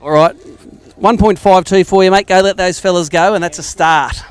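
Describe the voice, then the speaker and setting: A high-voiced Australian man runs a live fishing weigh-in, chatty and joking as he banters with each angler. His voice is clean and clear, and the sound is dry and close with no room echo. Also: steady tone, moderate pace. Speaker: tournament weigh-in host. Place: outdoor lakeside weigh-in stage.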